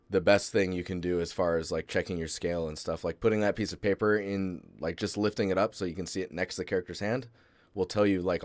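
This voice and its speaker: Very low and deep, this man's voice carries a relaxed, rambling live-stream critique of an art portfolio, heavy with fillers as he breaks off and restarts. The recording is close and dry, with no echo.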